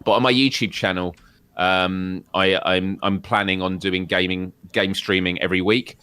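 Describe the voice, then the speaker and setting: A British man with a lowish voice, co-hosting a live gaming podcast in relaxed, jokey chat. He laughs easily and rambles along, recorded close and dry on a podcast mic. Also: normal speed, clear, resonant tone, no room sound. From United Kingdom. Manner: jokey, laughs often, chatty. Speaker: podcast co-host. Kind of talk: casual chat.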